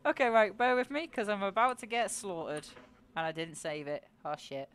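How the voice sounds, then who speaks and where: A woman's voice: mid-range voice, animated, moderate pace, fairly bright tone, smooth. A young woman streaming a horror game, giggling often, swearing, and talking to her chat. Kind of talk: live-streamed gameplay chatter.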